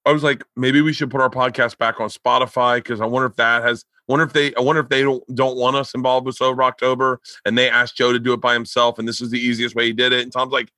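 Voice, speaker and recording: A man, hosting a casual podcast chat and telling stories with loud, high outbursts when he quotes himself. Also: quick pace, few pauses, no room sound. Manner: animated storyteller who jumps to loud high outbursts when quoting himself. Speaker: podcast host.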